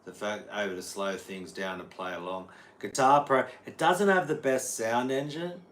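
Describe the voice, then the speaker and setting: A man's voice: fairly low pitch, steady tone, moderate pace, fairly bright tone. An Australian man, a guitar teacher, rambling casually on a livestream and answering viewers' chat. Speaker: guitar teacher streaming live.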